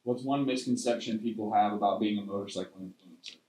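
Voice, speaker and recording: A man's voice: on the low side, fast, a little mellow, recorded from a distance. A man asking interview questions, often stumbling and restarting his sentences. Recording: roomy, off-mic.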